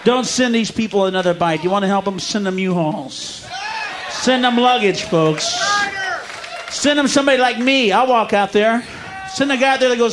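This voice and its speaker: A man's voice: high voice, normal speed. A man from the United States doing a profane, ranting stand-up comedy set on a live stage. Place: live stage before an audience. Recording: live crowd and noise behind.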